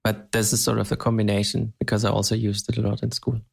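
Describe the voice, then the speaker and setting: A man's voice: on the low side, little pitch movement, fast, vocal fry, slightly rough. A man from Europe co-hosting a podcast, chatting casually, hesitant and laughing often. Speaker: podcast co-host. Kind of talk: casual chat.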